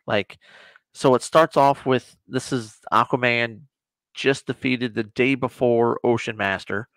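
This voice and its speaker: A man, a guest on a casual reaction chat, rambling as he retells scenes and drops into quick quoted voices. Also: medium pitch, fairly bright tone, clean tone, no room sound.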